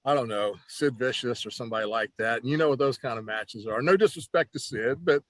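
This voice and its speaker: A man's voice: medium pitch, fairly quick. Chatty man telling wrestling stories. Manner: animated, chatty, with many restarts and "you know". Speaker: former pro wrestler guest. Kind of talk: casual storytelling interview.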